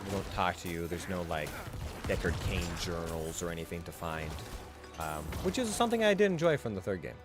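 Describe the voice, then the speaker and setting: A man's voice: deep voice, big pitch swings, brisk, over music. A man streaming a hardcore game run, rambling casually with fillers and restarts as he thinks aloud. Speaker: gaming streamer. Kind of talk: casual gameplay commentary.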